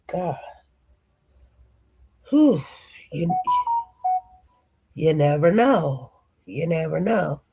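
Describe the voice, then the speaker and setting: Slow, gravelly-voiced livestream host with a cold. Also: medium pitch. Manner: rambling, chatty, greets viewers by name. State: congested from a cold. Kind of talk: casual chat.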